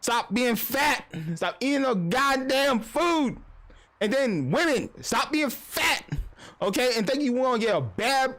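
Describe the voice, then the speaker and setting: A man's voice: very high-pitched, very animated, a bit bright. Blunt, profane young man ranting. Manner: profane, blunt, fast-talking. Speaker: streamer. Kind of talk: casual livestream rant.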